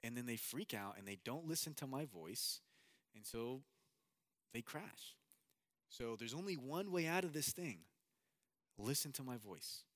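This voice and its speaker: A man voicing a calm, steady male guide giving instructions over a headset. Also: medium pitch, a little slow, pauses often, no echo, clean studio sound. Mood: firm.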